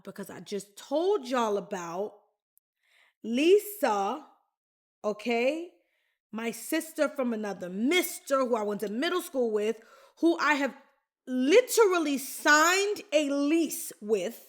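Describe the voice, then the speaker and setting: Podcast host, woman, unhurried candid storytelling, talks right to her listeners in a slightly high voice. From the Bronx, New York. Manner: chatty and candid, addresses listeners directly. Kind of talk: personal storytelling.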